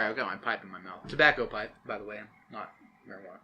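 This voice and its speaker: Fast-talking man in casual debate. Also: on the low side, pushed and bright, a little hiss or hum. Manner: quick, interrupts, laughs easily. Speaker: podcast co-host.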